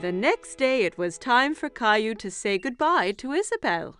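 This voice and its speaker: A woman narrating a preschool cartoon story in a clear, expressive storytelling manner. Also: on the high side, normal speed, music in the background.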